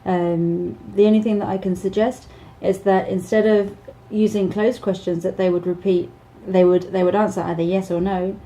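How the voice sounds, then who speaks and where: A woman's voice: medium pitch, flat delivery, normal speed, few pauses, mellow, low-quality recording. A woman in her thirties, an English teacher, gives casual advice with many ums, restarts and small laughs.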